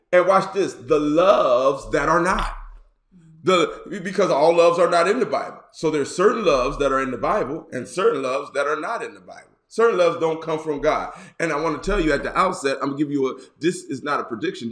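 Male bishop, hoarse, playful with loud outbursts, higher voice, roomy echo. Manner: playful, joking, drawn-out repeats and sudden loud bursts. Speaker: bishop and pastor. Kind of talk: casual online sermon.

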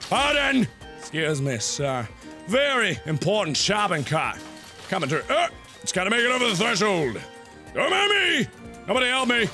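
Brief: mock-formal talking shopping cart, played by a man, high and lively, faint game music behind. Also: normal speed, heavily acted. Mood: pompous. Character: fussy self-important talking shopping cart.

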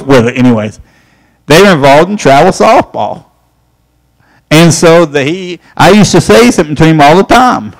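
A man's voice: fairly high pitch, animated, normal speed, rough recording. A man teaching a church Bible study, folksy and emphatic, rising when he presses a point. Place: church classroom.

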